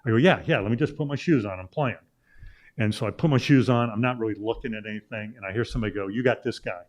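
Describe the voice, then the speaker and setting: Low-voiced man spinning a rambling anecdote. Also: quick pace. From Illinois, US. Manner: rambling anecdote with many "uh" fillers and restarts. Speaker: guest, sports journalist. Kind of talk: casual storytelling in a talk interview.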